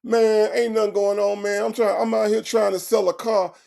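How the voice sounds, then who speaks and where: A man putting on a crude, swaggering wannabe pimp who barks demands at a woman, pitched up from his own voice. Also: level tone, normal speed, gravelly, darkish tone. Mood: swaggering bossy.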